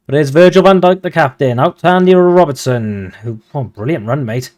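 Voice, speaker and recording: A man giving casual, excitable commentary over a football management game, swearing when he gets frustrated. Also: a little high, a little fast, hardly any pauses. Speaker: video game streamer.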